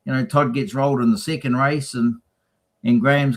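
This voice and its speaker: A man's voice: medium pitch, quick pace, poor audio. Chatty man telling racing stories. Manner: chatty storyteller, acts out quotes. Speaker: racing team guest. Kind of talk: casual chat.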